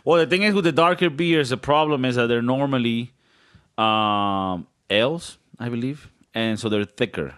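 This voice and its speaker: A man's voice: mid-range voice, normal speed, a bit bright, clean tone. A young man co-hosting a podcast, rambling and joking in casual banter, swearing often. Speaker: podcast co-host.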